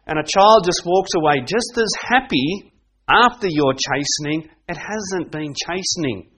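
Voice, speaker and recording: Animated man preaching a sermon. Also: on the high side. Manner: animated storyteller who acts out quotes and laughs often.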